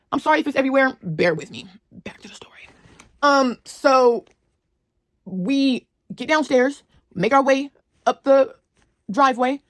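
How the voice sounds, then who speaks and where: A young woman casually telling a wild personal story to her viewers, animated and slangy. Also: on the high side, dry recording. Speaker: storyteller vlogger.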